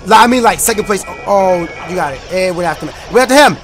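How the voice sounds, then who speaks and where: A young man giving excited, rambling commentary while playing a racing game, shouting at rivals and breaking into freestyle raps. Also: sits high. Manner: animated, bursts into shouts and freestyle rapping, fast rambling asides. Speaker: gaming YouTuber. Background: game music.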